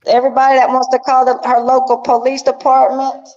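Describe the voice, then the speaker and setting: Woman, high voice, matter-of-fact, muffled lo-fi sound. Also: monotone, fairly quick, hardly any pauses, darkish tone. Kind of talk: casual livestream chat. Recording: dull lo-fi call audio.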